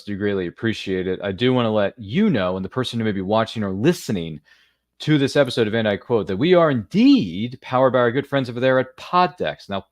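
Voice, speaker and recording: A man's voice: on the low side, no echo, studio quality. Upbeat man hosting a podcast. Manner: folksy, upbeat, rambling asides. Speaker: podcast host. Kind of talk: casual interview with ad reads.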